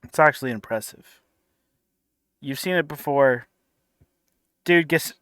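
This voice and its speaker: A man's voice: mid-range voice, expressive, a little slow, long pauses, a bit bright, no echo, studio quality. A man making a casual reaction commentary, sarcastic and incredulous, with laughing asides.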